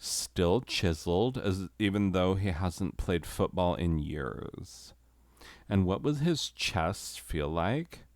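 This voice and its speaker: A man voicing a seductive romance narrator, speaking in a hushed, slow, smooth way. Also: sits low, expressive, no echo, studio quality, full character voice. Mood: sultry.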